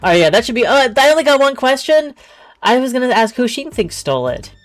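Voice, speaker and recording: A woman's voice: fairly high pitch, sing-song, brisk, faint music behind. A woman streamer chatting casually and hesitantly between game lines.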